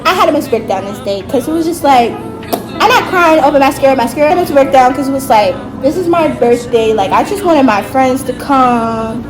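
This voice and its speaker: A woman in her late teens telling a storytime vlog in an animated, emphatic way, full of slang and asides. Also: high-pitched, brisk, music in the background, low-quality recording. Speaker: vlogger. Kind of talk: storytime narration.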